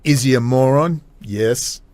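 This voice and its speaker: A man's voice: mid-range voice, a little slow, darkish tone, no echo. A man hosting a solo podcast, rambling and blunt, swearing freely and trailing off mid-thought. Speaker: podcast host. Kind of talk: casual solo commentary.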